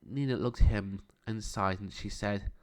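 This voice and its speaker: A man narrating a children's storybook aloud in a calm, steady reading voice. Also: lowish voice, normal speed.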